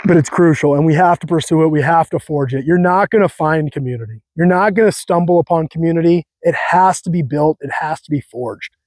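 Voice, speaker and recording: A man's voice: a little high, brisk, hardly any pauses, a little mellow, no echo. A young man hosting a casual faith talk, earnest and fired up, slangy, repeating his phrases. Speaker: host.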